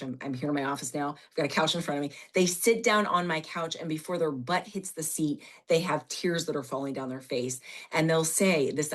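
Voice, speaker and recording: Low-voiced woman therapist, earnest and explanatory. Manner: earnest, explanatory, animated emphasis. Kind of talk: podcast conversation. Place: her office.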